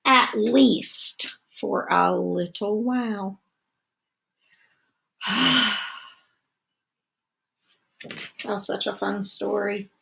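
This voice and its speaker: Slow-reading woman teacher, storybook. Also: mid-range voice, vocal fry. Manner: slow, expressive storytelling with asides to listeners. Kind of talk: reading a picture book aloud to children.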